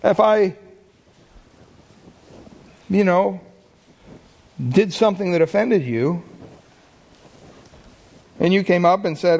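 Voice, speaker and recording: A man's voice: high voice, slow, gravelly, long pauses, a little mellow. Conversational man preaching a sermon. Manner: conversational, asks the listeners questions. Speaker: pastor.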